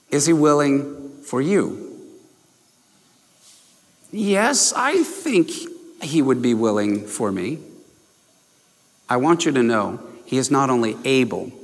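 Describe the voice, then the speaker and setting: A man preaching a sermon, stressing and repeating key phrases and putting questions to his congregation. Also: fairly high pitch. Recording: long hall reverb.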